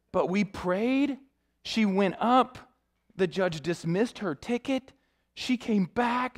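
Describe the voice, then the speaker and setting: Animated young youth pastor telling a story. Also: male voice, fairly high pitch, normal speed. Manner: animated storytelling, acts out quoted voices. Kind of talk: sermon with personal story. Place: church sanctuary.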